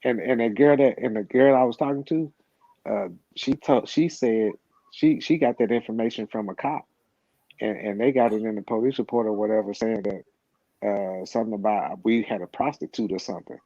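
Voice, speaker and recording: A middle-aged man tells a long story in casual, rambling talk that is profane and full of repeated words and restarts. His voice is lowish and warm at a normal speed, with no echo, though the recording sounds slightly dull and lo-fi.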